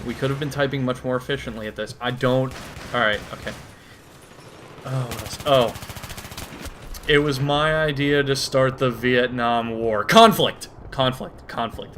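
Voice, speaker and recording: A man giving a deadpan, absurd comedic monologue, swearing and rambling as he comments over a game. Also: medium pitch, unhurried, a little hiss or hum. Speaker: gaming commentator. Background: faint gunfire from a shooter game.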